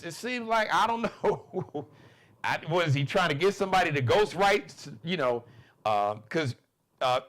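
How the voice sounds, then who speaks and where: A man hosting his own live talk show, delivering a loose, laughing monologue. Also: fairly high pitch. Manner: animated, laughing, loose and conversational. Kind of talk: live monologue, casual commentary.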